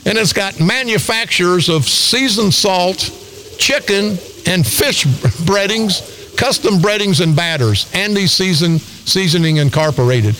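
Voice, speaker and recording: A man's voice: sits high, lively intonation, measured pace, sharp tone, slight background noise, poor audio. An older man hosting talk radio, delivering an angry, combative, repetitive rant.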